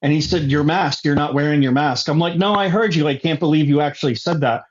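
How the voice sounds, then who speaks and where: A man's voice: a little high, steady tone, fast talker. A man in a casual chat, ranting hotly and swearing freely. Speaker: guest. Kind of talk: casual conversation. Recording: dull lo-fi sound.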